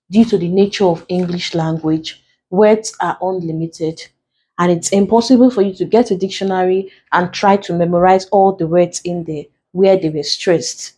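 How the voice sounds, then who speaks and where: A woman's voice: on the low side, darkish tone, slightly rough. Nigerian woman teaching English stress. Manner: explains slowly, repeats key terms, counts syllables aloud. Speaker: English tutor. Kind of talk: exam prep lesson.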